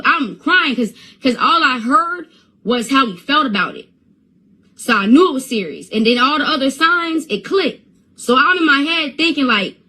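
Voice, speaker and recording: A woman's voice: high voice, animated, moderate pace, sharp tone. A woman telling a story to her viewers on a phone livestream, repeating and stumbling over words as she goes. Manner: stutters and repeats words when upset. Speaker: Instagram live streamer.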